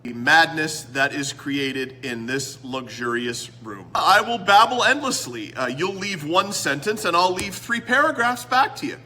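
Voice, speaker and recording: A Canadian man hosting a rambling comedy show from a room, theatrical and self-mocking, swinging between loud bits and mumbled asides. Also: on the high side, animated, measured pace, hardly any pauses. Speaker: host. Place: indoor room.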